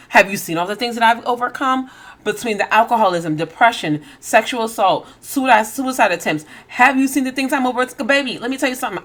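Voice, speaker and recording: A woman's voice: a little high, fairly bright tone. A woman host giving an emphatic faith-based motivational talk, full of rhetorical questions.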